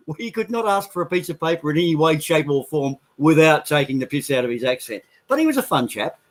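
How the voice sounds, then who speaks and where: A man's voice: fairly high pitch, sing-song, fast talker, few pauses. A man telling an anecdote in casual chat, swearing along the way. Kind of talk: casual storytelling.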